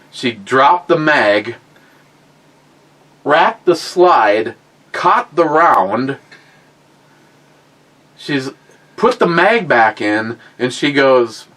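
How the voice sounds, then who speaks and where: A man's voice: medium pitch, fairly bright tone, low-quality recording. A middle-aged man telling crude, rambling, self-mocking stories on a casual podcast. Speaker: podcast co-host. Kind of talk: casual storytelling chat.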